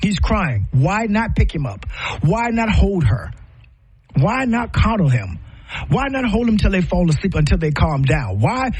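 Husky man, lively preacher-like rise and fall. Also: high voice, normal speed, poor audio. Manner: preacherly, full of rhetorical questions and repetition. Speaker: podcast host. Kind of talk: impassioned commentary.

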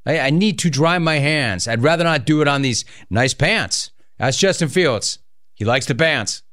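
A man hosting a call-in radio show, bantering and teasing callers in a joking, animated way. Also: fairly high pitch, moderate pace, no echo, clean studio sound. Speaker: sports radio host.

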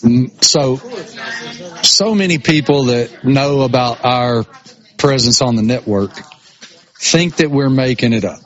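A man with a thick rural Appalachian accent, co-hosting a radio show in lively casual banter. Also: medium pitch. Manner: lively, self-mocking, drawn-out. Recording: muffled remote line over satellite internet.

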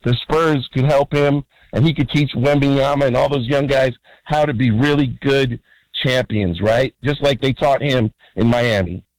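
A man's voice: mid-range voice, fairly even intonation, moderate pace, no echo, rough recording. A man from California calling a sports radio show, rambling and asking "right?" after nearly every point. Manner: rambling, full of fillers and restarts, keeps asking "right?". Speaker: caller. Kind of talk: phone-in call.

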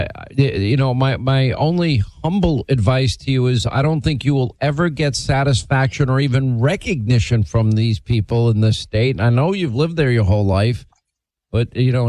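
A man's voice: medium pitch, a little mellow, no room sound, low-quality recording. A man hosting a talk radio show, reading a statement and interviewing a guest in an emphatic, opinionated way.

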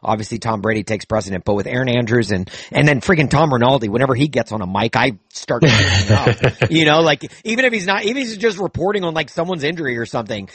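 A man's voice: medium pitch, lively intonation, fast, few pauses, fairly bright tone, husky, no room sound. A man chatting casually about football broadcasts, rambling with frequent restarts and fillers. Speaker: co-host. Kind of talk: casual sports chat.

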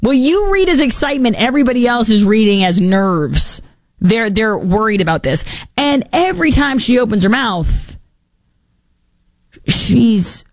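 A woman with a medium-pitched voice hosts a political talk show podcast, recorded cleanly in a studio with no echo. Her commentary is opinionated, peppered with sarcastic asides and mocking put-on quotes.

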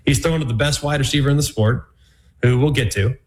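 Hosting a college football analysis show, a man with a medium-pitched voice talks fairly quickly. His sports commentary is punchy and emphatic, with plenty of repetition.

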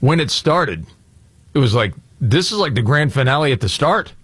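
A man's voice: medium pitch, moderate pace, husky, no room sound. A man co-hosting a radio show in casual banter, telling stories with acted-out quotes. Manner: animated, acts out quotes in the stories he tells.

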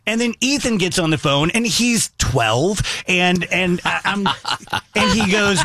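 A middle-aged male host tells a story in a casual, animated way, voicing the people he talks about. His voice sits a little high, and the recording is dry and close to the microphone. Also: unhurried, no room sound. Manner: animated, acts out both sides of a phone call. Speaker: radio show host.

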